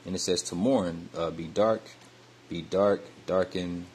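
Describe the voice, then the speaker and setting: A deep-voiced man preaching and reading scripture aloud, stopping constantly to check in with "all right?", "okay?" and "you see?" between phrases. He stumbles through fillers and restarts as he goes. Faint room noise sits behind him. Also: fairly even intonation, a little mellow. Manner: halting with many fillers and restarts. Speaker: religious teacher. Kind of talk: scripture teaching monologue.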